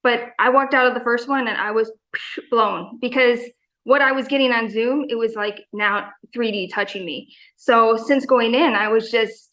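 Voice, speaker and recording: In a casual interview, a gym member in her forties talks enthusiastically and rambles, full of fillers and quoted asides. Her fairly high, slightly bright voice moves at a moderate pace, and the recording sounds muffled.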